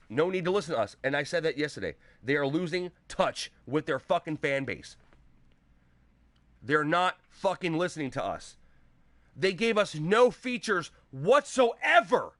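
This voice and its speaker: A man hosting a live gaming show on a headset mic, ranting angrily with constant swearing and bursts of shouting. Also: on the high side, dry recording. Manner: angry, profane, shouting at times.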